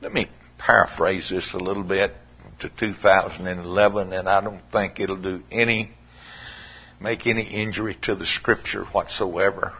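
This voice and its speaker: A man preaching a sermon in a dramatic, drawn-out way, sometimes dropping to a hushed, pleading tone. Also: low voice, level tone, slightly rough. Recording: dull lo-fi sermon recording.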